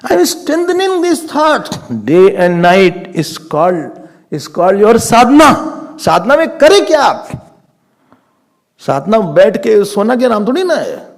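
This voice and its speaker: A swami with an Indian English accent delivers a spiritual sermon, pressing his points home through insistent repetition and the occasional Hindi word. His voice sits high for a man and swings widely in pitch, with a gravelly edge of fry. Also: very fast. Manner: animated, emphatic, repeats phrases, mixes in Hindi words. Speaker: swami giving a spiritual discourse.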